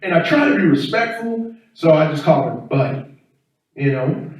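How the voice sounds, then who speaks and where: A man performing a stand-up comedy set, telling stories in an animated way. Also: normal speed. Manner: animated storytelling, swinging up and down in pitch. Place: event hall on campus. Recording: echoey room, distant mic.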